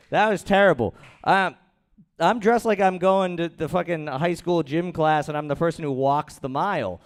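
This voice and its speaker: A man doing a crude, rambling, self-deprecating stand-up set at an open mic in a small comedy room, speaking into a handheld stage mic. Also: on the high side.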